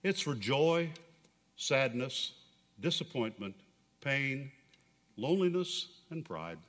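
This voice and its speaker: A man voicing God the Creator, patient and tender, in calm, earnest storytelling, in a reverberant church hall. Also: mid-range voice, takes it slowly.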